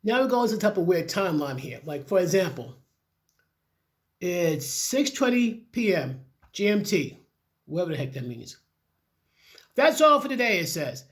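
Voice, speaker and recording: A man's voice: high-pitched, big pitch swings, normal speed, a little mellow. A man casually reading news articles aloud and breaking off with his own opinionated asides, often stumbling over the words.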